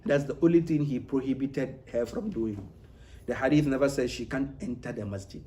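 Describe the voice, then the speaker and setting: A man leads a relaxed religious lesson in a mosque classroom. His voice is dark and mellow, at a middle pitch. He talks in a loose, conversational way, restarting phrases and leaning on "you know". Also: normal speed. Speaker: Islamic teacher. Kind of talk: informal religious class lecture. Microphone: livestream mic.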